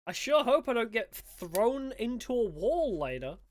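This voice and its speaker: A woman's voice: fairly high pitch, sing-song, unhurried. A woman streamer giving sarcastic, joking commentary while playing a horror game. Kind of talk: let's-play commentary.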